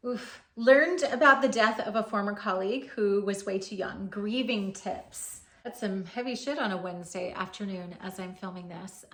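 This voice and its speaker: A woman's voice: medium pitch, a bit bright. Joking blunt woman in an echoey room. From Hawaii. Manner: blunt, joking, sometimes swears. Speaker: yoga teacher. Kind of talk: casual Q and A vlog.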